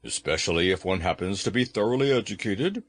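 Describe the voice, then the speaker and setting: A pompous giant insect, proud of its learning, holds forth in a low, smug voice, as a man puts it on. Its pitch rolls up and down grandly. This is a storybook reading. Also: animated, a little fast. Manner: smug, self-satisfied.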